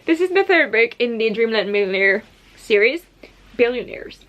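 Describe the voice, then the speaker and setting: A woman's voice: a little high, sing-song, normal speed, fairly bright tone. A young woman chatting to camera at home about books she bought, scattered and rambling, with asides and restarts. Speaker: book vlogger. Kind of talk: casual chat to camera.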